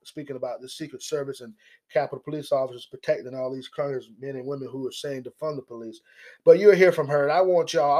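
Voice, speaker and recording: Animated man giving political commentary. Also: fairly high pitch. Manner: animated, mocking, repeats words. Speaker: commentary host.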